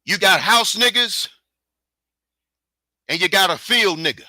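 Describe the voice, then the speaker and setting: A man's voice: sits high, expressive, a little slow, sharp tone, no echo. A man hosting his own podcast, delivering a heated, profane rant and taunting his listeners with repeated challenges. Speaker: podcast host. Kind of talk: angry solo podcast rant.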